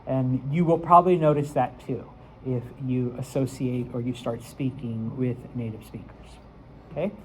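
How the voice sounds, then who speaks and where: A man's voice: medium pitch, fairly even intonation, moderate pace, slight background noise, rough recording. A man teaching a Spanish class, checking in with "okay?" after each point. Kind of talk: classroom lesson.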